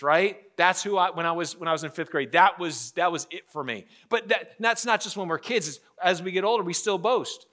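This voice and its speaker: A middle-aged man preaching a sermon as pastor, animated and restarting phrases with repeated words. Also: high-pitched, fairly quick, hardly any pauses.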